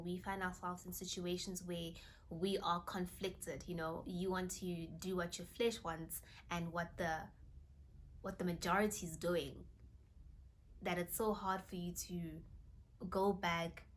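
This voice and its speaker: A young woman vlogging from her bedroom, telling a faith story in a casual, animated way and reading scripture aloud. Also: lowish voice, measured pace, slight background noise. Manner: animated, exclaiming, reads scripture aloud, drops to a whisper in awe.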